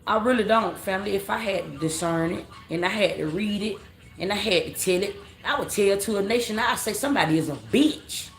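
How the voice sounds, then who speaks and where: A woman's voice: medium pitch, brisk. A woman reading tarot on a late-night live stream, talking casually in slang, rambling, repeating herself and calling her viewers family. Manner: rambling, repeats phrases, scolds commenters. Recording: roomy echo with faint background noise.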